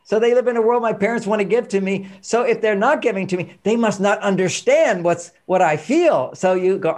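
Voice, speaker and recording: A man coaching parents on emotions, telling stories and acting out the dialogue in an animated way. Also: sits high, brisk, hardly any pauses. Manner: animated storytelling, acts out dialogue. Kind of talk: instructional talk with anecdotes.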